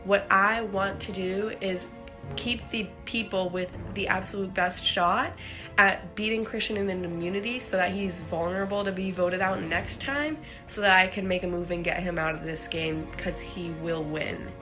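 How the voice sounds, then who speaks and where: A woman's voice: medium pitch, steady tone, normal speed. A woman giving a chatty, scheming confessional as a reality game contestant. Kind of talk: casual confessional. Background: background music.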